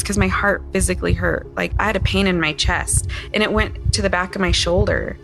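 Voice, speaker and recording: Gravelly-voiced woman recounting her ordeal. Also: lowish voice, steady tone, a little fast, fairly bright tone, slight background noise. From Utah, US. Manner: candid, retelling with many quoted asides. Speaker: interviewee. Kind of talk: emotional personal testimony.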